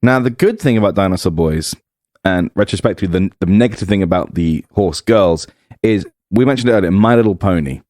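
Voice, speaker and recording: A man's voice: deep voice, fairly quick, a little mellow, no room sound, clean studio sound. A laid-back man co-hosting a podcast in casual chat, mostly listening before steering the topic. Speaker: podcast co-host.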